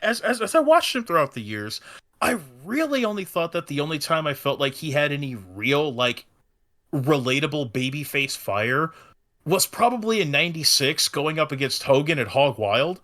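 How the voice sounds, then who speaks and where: A man guesting on a casual podcast, talking in a halting way with many restarts. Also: on the high side, sing-song, fairly bright tone. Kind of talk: casual chat.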